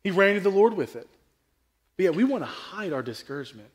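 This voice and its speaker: Male pastor, high voice, casual sermon delivery with big swings in volume and lots of restarts. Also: big pitch swings, fast. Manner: conversational, swings from quiet asides to loud emphatic peaks; repeats and restarts phrases, asks the crowd questions.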